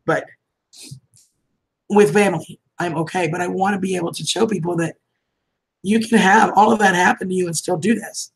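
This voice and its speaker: A woman's voice: lowish voice, fairly even intonation, moderate pace, creaky, long pauses, husky, low-quality recording. A woman, chatting casually on a livestream, reading out viewer comments and laughing often. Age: 50s. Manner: warm and affectionate with viewers, laughs often, calls them honey and sweetheart. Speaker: livestream vlogger.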